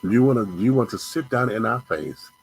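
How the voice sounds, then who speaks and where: This host's commentary is an angry, repetitive tirade full of profanity. He speaks expressively at a moderate pace in a mid-range voice with vocal fry, and the poor recording carries a little hiss or hum.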